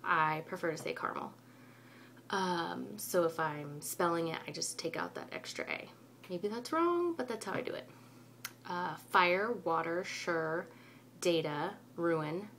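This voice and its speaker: A woman from California with a Northern Californian accent, chatting casually in a rambling way, often pausing on ums. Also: fairly low pitch, animated, a bit bright, slight background noise. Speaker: vlogger. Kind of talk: casual chat.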